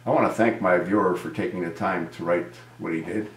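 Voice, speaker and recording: A man's voice: low-pitched, steady tone, a little fast, echoey room, low-quality recording. A man giving an indignant political commentary monologue, answering a viewer and asking rhetorical questions. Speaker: video commentator.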